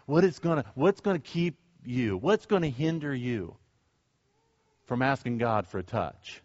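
A man's voice: medium pitch, big pitch swings, normal speed, a little mellow, big-room sound, lo-fi sound. A male pastor preaching a sermon. He talks in a conversational way and builds to fervent pleading.

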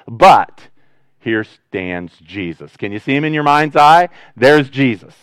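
A man preaches a sermon in a smooth, resonant voice, recorded close and dry. He talks conversationally, then swings up loud and animated before dropping to a hushed, low register. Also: slow, no echo. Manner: conversational, animated preaching with sudden loud rises and quiet drops. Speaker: pastor.

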